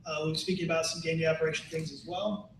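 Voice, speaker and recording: A man on a board running through introductions fast, in a bright, forceful voice. He rambles as he talks, heard from a distance in an echoey room. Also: on the high side, little pitch movement, slight background noise. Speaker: board member. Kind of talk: meeting introductions. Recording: roomy room from far off.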